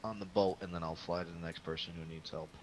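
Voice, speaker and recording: A man playing a tabletop game, speaking in a halting, low-key way. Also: fairly even intonation, slight background noise. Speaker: player. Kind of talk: casual tabletop play.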